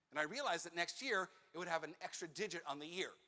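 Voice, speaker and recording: A man, a rabbi, telling a personal story in a sermon, animated and acting out the voices of the people in it. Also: a little high, fast talker, hardly any pauses. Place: synagogue sanctuary. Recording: reverberant hall.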